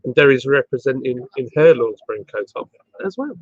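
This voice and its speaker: A man's voice: mid-range voice, lively intonation, normal speed, lo-fi sound, heavy background noise. A man hosting a casual live stream from a pub garden, playful and bantering as he reads out the chat. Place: outdoor pub garden, on a bench.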